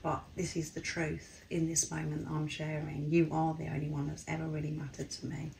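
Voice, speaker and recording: A woman with a low, slightly husky and croaky voice gives an earnest channeled reading, pausing and circling back over her phrases. Her tone stays soft and sincere. A faint background hiss sits under the recording. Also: monotone, low-quality recording. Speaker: spiritual card reader.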